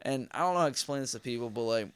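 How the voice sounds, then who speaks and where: Man, young adult, podcast co-host, casual profane storytelling, smooth voice, dry close mic. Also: mid-range voice, expressive, racing, no echo.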